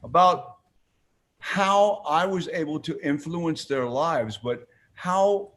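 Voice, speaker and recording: Lively older man telling stories. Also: fairly high pitch, takes it slowly, a little hiss or hum. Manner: animated storyteller, acts out quotes in a raised voice. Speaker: guest. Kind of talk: casual interview chat.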